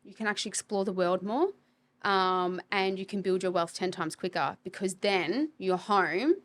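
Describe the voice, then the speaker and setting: A woman's voice: medium pitch, moderate pace, a little hiss or hum. A woman, a property coach, talking bluntly and with energy in a podcast interview, swearing casually. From Australia.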